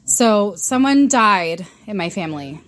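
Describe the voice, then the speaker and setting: Woman guest, casual story-telling, swears and laughs a lot, mid-pitched. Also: a little slow, noisy background. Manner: relaxed, laughs and swears while telling stories. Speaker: podcast guest.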